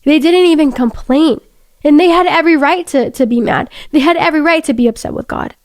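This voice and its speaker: Young female host, high voice, earnest casual devotional chat, dry close sound. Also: a little fast, no room sound. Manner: earnest, storytelling, many fillers and restarts. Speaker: faith podcast host.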